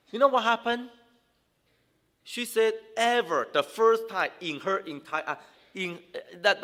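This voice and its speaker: A pastor with a sharp-toned, mid-range voice preaches to young people in a church hall, where a long reverb hangs on his words. His delivery is conversational, full of fillers and restarts.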